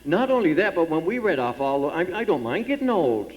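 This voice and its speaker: A man's voice: on the high side, very animated, fairly quick. Folksy man telling jokes in a hall. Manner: folksy, self-deprecating about getting old. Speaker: comedian entertaining at a pageant. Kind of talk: stand-up joke telling to a live audience. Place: theatre stage. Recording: dull, muffled hall recording with long reverb.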